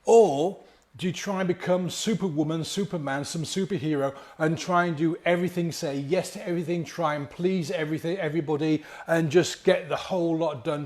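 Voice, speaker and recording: A man, a life coach giving a chatty, animated motivational talk to camera and acting out inner voices along the way. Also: on the high side.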